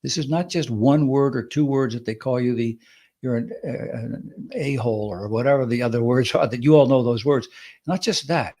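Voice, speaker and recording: Man explaining with lively acted quotes. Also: mid-range voice, moderate pace. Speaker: podcast co-host. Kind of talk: conversational advice talk.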